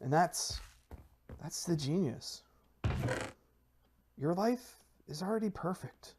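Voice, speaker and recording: Over background noise, a Minecraft video creator speaks slowly with lively intonation. His gameplay commentary rambles and restarts as he mock-sells his plans and pokes fun at himself.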